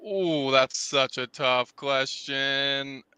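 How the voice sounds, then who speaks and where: A man's voice: mid-range voice, steady tone, extremely slow, sharp tone, slight background noise. A man from the marketing side of a game, answering podcast questions casually and enthusiastically.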